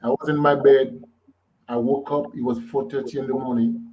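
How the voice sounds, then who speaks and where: A man's voice: mid-range voice, darkish tone, muffled recording. A man from Haiti with a Haitian accent, answering interview questions in a blunt, confident, emphatic way. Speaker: guest author.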